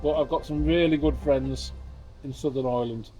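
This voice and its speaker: A man's voice: medium pitch, fairly even intonation, moderate pace, dark tone. An older man from England, a former soldier, chatting casually and bluntly in a garden, swearing freely. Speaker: vlogger, ex-soldier. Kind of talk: casual chat. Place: garden, outdoors. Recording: faint music in the background.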